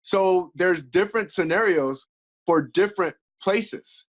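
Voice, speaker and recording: A man, a coach and former fighter, chatting as an interview guest in an animated way, acting out inner voices. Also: high voice, unhurried. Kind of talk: casual interview chat. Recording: dull lo-fi audio.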